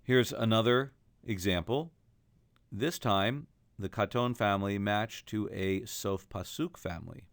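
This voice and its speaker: A man's voice: fairly low pitch, unhurried, clear, resonant tone, dry recording. A man teaching a recorded lesson on chanting Torah trope, explaining each mark and then singing the examples.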